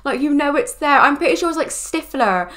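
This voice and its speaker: A woman's voice: high-pitched, expressive, brisk, a bit bright. A woman hosting a reaction video, chatting casually and rambling with lots of "like". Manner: chatty, rambling, full of "like" and "do you know what".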